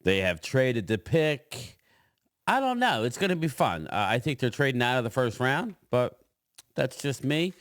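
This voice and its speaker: A middle-aged man hosting a casual solo sports chat, talking in a loose, rambling way with frequent pauses and restarts. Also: medium pitch, sing-song, fairly bright tone, no echo, clean studio sound. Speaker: host.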